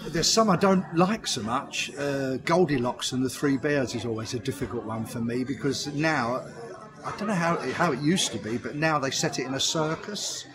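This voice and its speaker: A man's voice: medium pitch, normal speed, crowd noise. Older man telling chatty anecdotes. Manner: chatty storyteller who laughs often at his own anecdotes. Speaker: guest, comedy performer and pantomime writer. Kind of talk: anecdotal interview chat.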